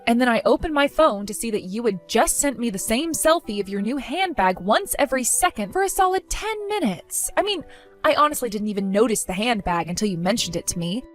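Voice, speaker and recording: A woman's voice: fairly high pitch, animated, a little fast, faint music behind, lightly acted. A woman voicing a weary, exasperated young married woman who answers with dry sarcasm in a text-story skit.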